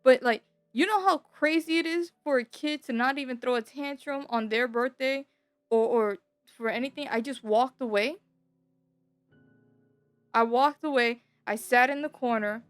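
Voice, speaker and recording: A young woman telling a personal story in a casual, rambling way. She swears freely, repeats herself, and gets louder when she is upset. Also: fairly high pitch, no room sound. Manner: bitter and emotional, voice rising when upset. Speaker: streamer.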